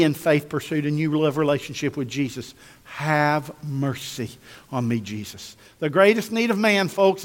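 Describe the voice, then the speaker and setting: Emphatic preacher with a ringing echo. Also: male voice, on the high side, fairly bright tone. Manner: emphatic, repetitive, calls on the congregation. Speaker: pastor. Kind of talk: sermon. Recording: long echo of a large hall.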